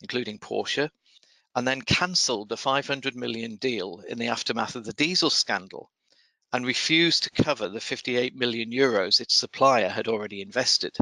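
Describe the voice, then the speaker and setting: A man hosting a podcast, reading procurement news in a measured, dryly wry way and then interviewing a guest. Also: medium pitch, sharp tone, no room sound, poor audio. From United Kingdom. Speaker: podcast host. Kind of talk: scripted news commentary and interview.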